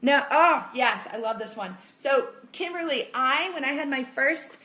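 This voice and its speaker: A woman in her thirties chatting casually to camera as a mom vlogger, reassuring viewers and acting out quotes in animated voices. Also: high-pitched, measured pace.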